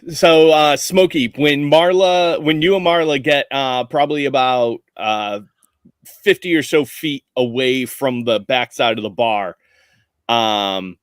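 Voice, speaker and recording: A man running a tabletop role-playing game, talking in a relaxed, rambling way with many fillers and laughs. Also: medium pitch, smooth, no echo, studio quality. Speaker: game master.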